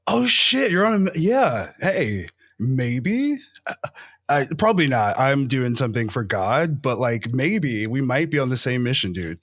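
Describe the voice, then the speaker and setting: A man voicing an excitable, clueless young bro who rambles and swears in a tabletop game. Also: medium pitch, a little slow, no room sound, studio quality, full character voice. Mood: eager. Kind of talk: tabletop role-play dialogue.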